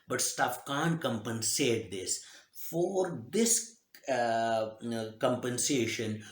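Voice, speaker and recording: Slow, halting man in an echoey room. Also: medium pitch. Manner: slow, halting delivery with many fillers and restarts. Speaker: self-help speaker. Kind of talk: live motivational talk.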